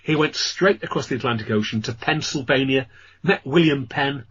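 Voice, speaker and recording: A man's voice: medium pitch, moderate pace, fairly bright tone, slightly rough. A man with an English accent, a ghost tour guide, telling long rambling stories as a radio guest, with many fillers. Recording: dull lo-fi radio audio.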